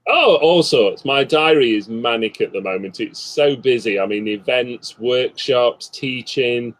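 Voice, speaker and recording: A man's voice: mid-range voice, a little slow, rough recording. A man chatting as a guest over a video call, effusive and chatty. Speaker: guest medium.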